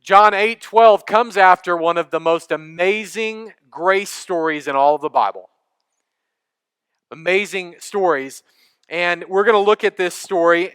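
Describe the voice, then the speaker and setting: A man's voice: high-pitched, a bit bright, clear, resonant tone, dry recording. A man with a Texan accent, a pastor giving a conversational sermon and talking directly with his congregation. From East Texas. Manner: conversational preaching, engages congregation.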